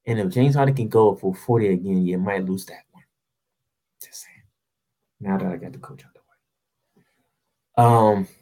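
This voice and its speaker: A man at a solo mic, ranting about basketball with a wildly animated, swooping voice. He is heated and sarcastic, firing off rhetorical questions in slangy, informal talk, at a middling pitch. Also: poor audio. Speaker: sports show host. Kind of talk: sports commentary rant.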